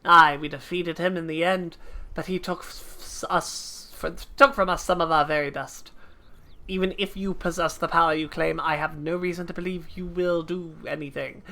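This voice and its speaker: A woman reading the lines of a grizzled veteran mercenary captain in a stern, measured way. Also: lowish voice, steady tone, bright, forceful tone.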